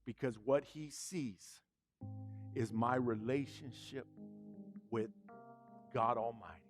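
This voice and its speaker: A man's voice: mid-range voice, takes it slowly, soft background music. A male pastor giving a sermon in a conversational way, telling a story and laughing as he goes. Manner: animated, conversational, laughing at his own stories.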